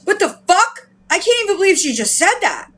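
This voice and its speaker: Woman, live-stream host, outraged rant, frequent swearing, high voice, swooping pitch. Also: big pitch swings, a little fast, a bit bright. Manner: outraged, swearing, repeats herself in disbelief. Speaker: livestream host. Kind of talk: heated live-stream commentary.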